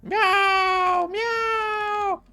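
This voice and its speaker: A man voicing a small abandoned female kitten in a game scene, meowing loudly and shrilly. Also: very high-pitched, little pitch movement, very slow, soft background music, voice pushed up, exaggerated voice. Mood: wailing.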